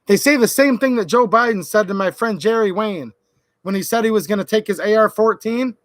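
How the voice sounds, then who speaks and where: High-voiced and brisk, a man from Michigan vents sarcastically on his late-night political livestream as a political YouTuber. He mocks senators by quoting them in put-on voices. There's no echo.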